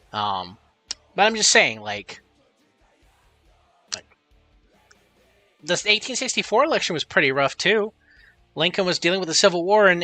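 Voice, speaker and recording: A man's voice: on the high side, pushed and bright, dry recording. A man streaming live, chatting casually and rambling with lots of swearing while reading chat messages aloud.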